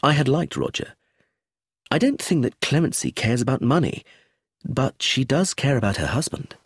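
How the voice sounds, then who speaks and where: Husky, expressive audiobook narrator. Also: male voice, mid-range voice, normal speed, dry recording, studio quality. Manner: first-person storytelling, expressive.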